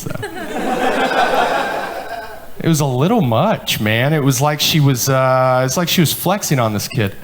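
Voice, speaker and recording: A man in his thirties doing profane stand-up storytelling on a club stage, animated and acting out quotes. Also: medium pitch, background noise. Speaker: stand-up comedian. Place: comedy club stage with laughing audience. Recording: live club with audience laughter.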